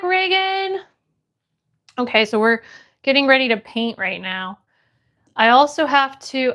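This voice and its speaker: Bubbly woman greeting her live chat. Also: fairly bright tone. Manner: bubbly, greets viewers in high bursts. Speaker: streamer reading chat. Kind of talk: casual live-stream chat.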